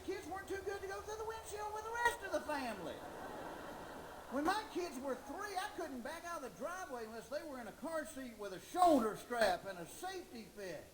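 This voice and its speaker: A middle-aged man telling childhood stories in a brisk, emphatic stand-up style. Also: very high voice. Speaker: stand-up comedian. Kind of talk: stand-up storytelling. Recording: roomy live recording with background noise.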